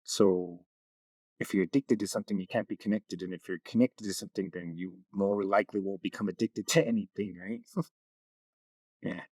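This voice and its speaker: A man's voice: deep voice, steady tone, normal speed, darkish tone, no echo. A man, a community knowledge keeper, talking easily in an interview and telling stories. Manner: easygoing storyteller. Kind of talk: casual interview talk.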